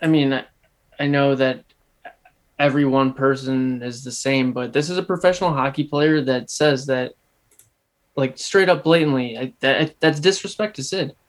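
A man's voice: medium pitch, normal speed. A young man co-hosting a casual sports podcast. He argues his points emphatically and animatedly, restarting his sentences as he goes. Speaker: podcast co-host.

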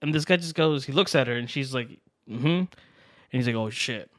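A man's voice: mid-range voice, a little fast, no room sound. Young man telling a story, dry close mic. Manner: animated, acts out quotes with swearing and laughs. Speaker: podcast co-host. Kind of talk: casual storytelling chat.

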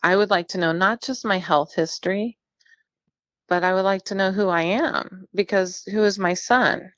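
A woman in her fifties from central California, speaking as a guest, shares her own story in a chatty, candid, self-deprecatingly funny way. Her mid-range voice is a bit bright at a normal pace, and the dry recording sounds dull and lo-fi.

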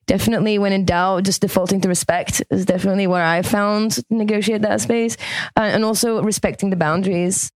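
A woman's voice: medium pitch, steady tone, brisk, no echo, low-quality recording. A woman hosting a podcast, chatting casually and encouraging her guest. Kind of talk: casual chat.

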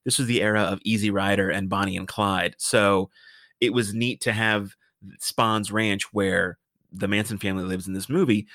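A man co-hosting a podcast, chatting casually about movies, animated and swearing freely. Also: on the low side, moderate pace, dry recording, clean studio sound. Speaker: podcast co-host.

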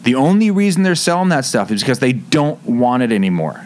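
A middle-aged man co-hosting an action sports podcast in relaxed, rambling chat. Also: medium pitch, a little fast, a little hiss or hum. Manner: relaxed and rambling, with lots of fillers and asides. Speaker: podcast co-host. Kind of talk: casual chat.

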